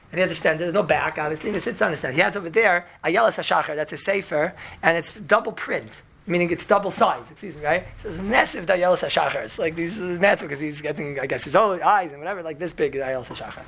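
A man telling a story to an audience in an animated, chatty way, sprinkling in Hebrew and Yiddish words and asking "right?" all the time. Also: fairly high pitch, vocal fry, slight background noise.

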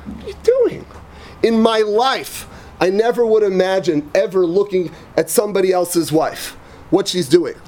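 A rabbi with a notably high voice lectures yeshiva students with emphatic, repetitive conviction. He weaves personal anecdotes into his teaching and sprinkles Hebrew and Yiddish terms through his English. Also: normal speed, darkish tone. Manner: emphatic, repeats phrases, tells personal anecdotes.

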